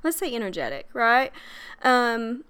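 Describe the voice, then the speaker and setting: A woman's voice: a little high, sing-song, unhurried, fairly bright tone, clean tone. A young adult woman hosting a podcast as a breathwork coach, talking in an earnest, chatty way with frequent fillers and little laughs. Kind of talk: casual monologue.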